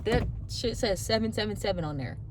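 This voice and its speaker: A woman's voice: medium pitch, animated, fairly quick. A young woman talking casually and bluntly about spiritual healing, swearing freely while she drives. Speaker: vlogger. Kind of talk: casual spiritual car talk. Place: inside a car while driving. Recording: road noise in a moving car.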